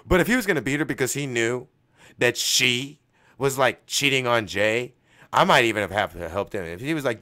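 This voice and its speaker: Animated swearing radio host, shouting and muttering. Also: male voice, medium pitch, normal speed. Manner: slips into a mock English accent. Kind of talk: solo podcast rant.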